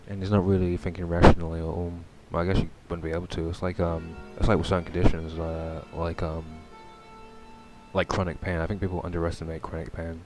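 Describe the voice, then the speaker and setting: Low-voiced young guy rambling through a horror game, um and like a lot, music behind. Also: little pitch movement, quick pace. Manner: casual, rambling, full of fillers. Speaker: streamer. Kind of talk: casual gameplay commentary and reading aloud.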